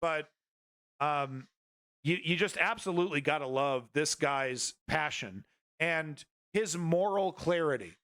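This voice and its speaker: A man's voice: a little high, lively intonation, unhurried, a bit bright, smooth. A man hosting a casual political commentary stream, blunt and rambling, swearing freely between clips. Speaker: news commentary host.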